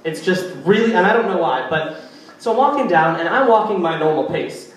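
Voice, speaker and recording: A man's voice: high voice, lively intonation, fairly quick. A young man performing a stand-up routine at a live venue, chatty and rambling, teasing the audience. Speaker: stand-up comedian. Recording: echoey venue, far from mic.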